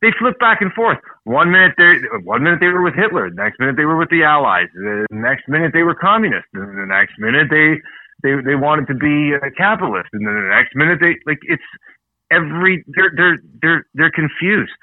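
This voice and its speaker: A man's voice: fairly high pitch, animated, fairly quick, no room sound. A man from Canada co-hosting a casual talk show, ranting bluntly and swearing freely. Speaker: podcast co-host. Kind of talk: casual chat. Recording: tinny phone-like line.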